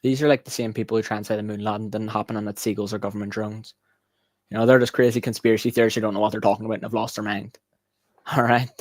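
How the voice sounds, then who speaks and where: A man, a wrestling champion on a podcast, trading cocky trash talk and quick jokes. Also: lowish voice, flat delivery, no echo, clean studio sound. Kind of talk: casual podcast banter.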